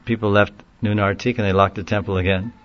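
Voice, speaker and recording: A man telling a long story in a casual, rambling way, often laughing and getting animated when he quotes people. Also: on the low side, fast, highs cut off. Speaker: speaker recounting a story in a class. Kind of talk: informal storytelling talk.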